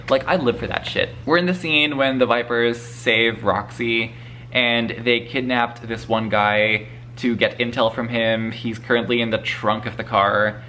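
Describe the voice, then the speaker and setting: Bright-voiced, foul-mouthed book vlogger. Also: male voice, medium pitch, a little hiss or hum. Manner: profane, gushing and laughing often. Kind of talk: casual spoiler vlog talk.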